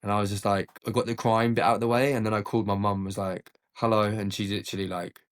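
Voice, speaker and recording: A young man with a fairly low voice recounts a hard experience as a podcast guest. His talk is loose and casual, dotted with "like" fillers, and it turns emotional at times. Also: little pitch movement, fast talker. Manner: frequent "like" fillers, emotional retelling. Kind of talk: casual storytelling.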